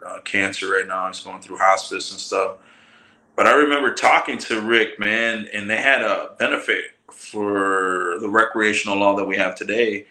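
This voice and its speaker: A man from telling a long story in casual, profane slang, acting out the people he quotes. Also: on the low side. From Michigan, US. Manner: profane, slangy, animated retelling with quoted voices. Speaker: podcast guest, cannabis grower. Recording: roomy echo.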